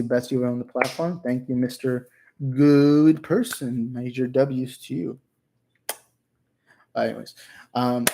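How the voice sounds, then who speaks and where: A man's voice: medium pitch, a little mellow. A young man hosting a casual livestream, reading chat aloud, joking, rambling and swearing. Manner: reads out chat messages. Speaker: livestream host.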